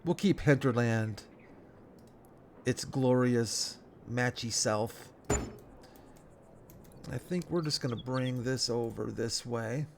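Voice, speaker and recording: A man, sounding stuffed up, giving relaxed, rambling commentary over a game as a let's play host, talking half to himself with folksy phrases. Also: mid-range voice, takes it slowly, vocal fry, pauses often, slight background noise. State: stuffed up nose. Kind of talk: casual gameplay commentary.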